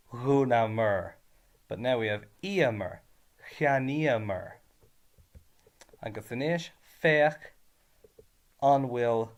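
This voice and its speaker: In a medium-pitched voice, an Irish language teacher gives a slow, clear grammar lesson. He's deliberate, alternating Irish and English and putting weight on every ending.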